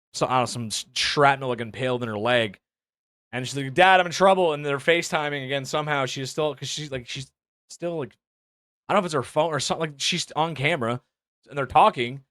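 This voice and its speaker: A man's voice: mid-range voice, fairly even intonation, brisk, fairly bright tone, no echo, clean studio sound. A man ranting casually about a movie he disliked, rambling with lots of filler, swearing and sarcasm. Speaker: movie reviewer. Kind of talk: casual movie review rant.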